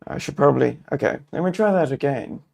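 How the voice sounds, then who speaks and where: A man's voice: fairly high pitch, lively intonation, quick pace, creaky, a little mellow. A man narrating a solo tabletop adventure, musing and thinking aloud with many fillers.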